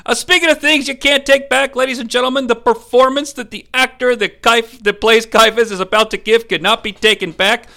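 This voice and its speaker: Give me a man recapping a film with crude jokes, raspy and bright. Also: extremely high pitch, fairly even intonation, brisk, few pauses. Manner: irreverent, crude, joking. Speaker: movie reviewer. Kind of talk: comedic movie recap.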